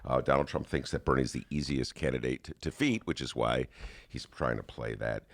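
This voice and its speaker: A man hosting a podcast from a studio, riffing on politics with mocking sarcasm and loose, animated talk. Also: extremely low pitch, fairly quick. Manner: animated, mocking, shifts into put-on voices. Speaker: podcast host. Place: radio studio.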